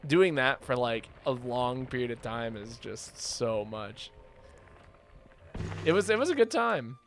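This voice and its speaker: Young male streamer, casual rambly commentary, animated delivery. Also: mid-range voice, a little slow. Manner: rambling and chatty, with many fillers. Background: faint game music.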